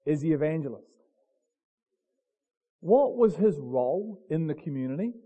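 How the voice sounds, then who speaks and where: A man preaching a sermon, swinging from quiet murmurs to loud, dramatic cries. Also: on the high side, big pitch swings, a little slow, phone-quality sound.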